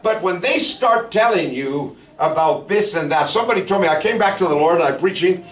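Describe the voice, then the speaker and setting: A middle-aged male pastor giving a testimony sermon, telling his story and building to fervent, shouted praise. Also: sits high, expressive, brisk. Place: church sanctuary. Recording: echoey church from a distance.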